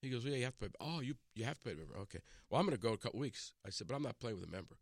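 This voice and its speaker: A medium-pitched man talks very fast with no echo, picked up by a studio microphone. He's a radio guest in the studio, telling stories in relaxed chat with animated delivery, acted-out quotes and many restarts.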